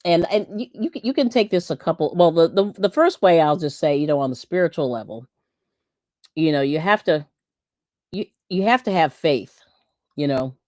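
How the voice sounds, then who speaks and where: A woman's voice: low-pitched, animated, moderate pace, pauses often, a little mellow, dry recording, studio quality. A middle-aged woman from Pennsylvania hosting a livestream, chatting casually and laughing often as she reads viewer comments. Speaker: livestream host.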